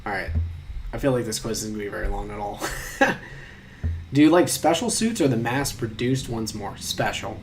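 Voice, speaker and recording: A man's voice: on the low side, animated, normal speed, a little hiss or hum. A man in his twenties who reads quiz questions aloud and talks through his answers in a casual, joking way, with some casual swearing. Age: 20s. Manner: mock-exasperated, with casual swearing. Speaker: vlogger taking online quizzes. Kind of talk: casual commentary.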